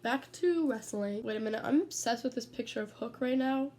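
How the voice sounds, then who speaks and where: Talking fairly quickly in a high-leaning voice, a teenage vlogger rambles from her bedroom at home. She's chatty, wanders off topic, and swears freely while telling stories.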